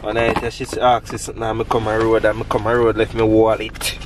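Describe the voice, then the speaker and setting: A man's voice: lowish voice, completely flat delivery, fairly quick, noisy background. A man telling a rambling, laughing story in patois for his family vlog, out by a road at night. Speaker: family vlogger.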